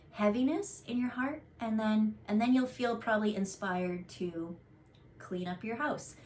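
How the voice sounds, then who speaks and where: A woman's voice: mid-range voice, darkish tone. A woman giving a casual channeled card reading, chatty and earnest, rambling with fillers and restarts. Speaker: intuitive card reader.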